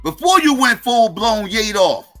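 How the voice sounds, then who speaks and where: A man commenting on a livestream in a profane, incredulous rant that swings from loud outbursts to mutters. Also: high voice, sing-song, unhurried, faint music behind.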